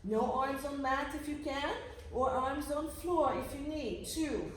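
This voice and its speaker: A woman coaches a pilates class, counting reps in an energetic voice. She speaks high and slowly. The echoey studio carries her voice from some distance off the mic. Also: a little hiss or hum. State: out of breath. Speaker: pilates instructor. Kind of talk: guiding a workout class. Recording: roomy echo from a distance.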